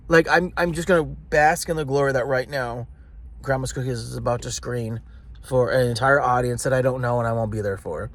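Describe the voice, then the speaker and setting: A frustrated man speaking openly to his camera in a personal vlog, with mid-pitched talk. He is blunt and curses freely as he vents. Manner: frustrated, blunt, swears often. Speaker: vlogger. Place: partly outdoors in summer heat.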